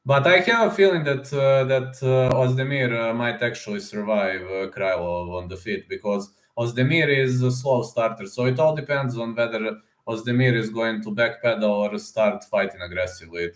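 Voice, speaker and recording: A man's voice: medium pitch, normal speed, few pauses. A man hosting a casual livestream, chatting with viewers, speaking as a with lots of fillers. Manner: chatty, many fillers and "man", reads chat aloud. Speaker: livestream host making fight predictions. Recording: roomy echo.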